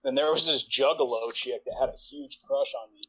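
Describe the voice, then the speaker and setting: A man in his forties, a podcast guest, telling a long profane anecdote in a rambling way full of "like" and quick laughs. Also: mid-range voice, pushed and bright, husky, low-quality recording. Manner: rambling, profane, filler-heavy, laughs mid-sentence. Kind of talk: casual storytelling anecdote.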